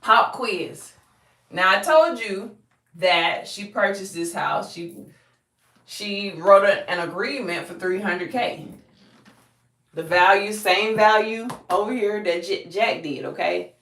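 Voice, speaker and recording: A woman's voice: medium pitch, slow pace, fairly bright tone, reverberant. A woman real estate agent with a Southern accent teaches a live-streamed lesson in a folksy way, quizzing her viewers and calling them y'all.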